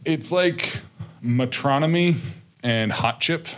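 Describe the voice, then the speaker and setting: A man's voice: fairly high pitch, slow pace, clean tone. A man co-hosting a casual chat who rambles and corrects himself as he recommends songs. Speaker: podcast co-host.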